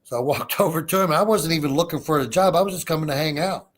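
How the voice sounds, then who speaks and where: A man's voice: fairly high pitch, quick pace. A male podcast guest on a video call, telling a story in casual chat, swearing freely and acting out the dialogue. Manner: profane, animated storyteller who acts out dialogue.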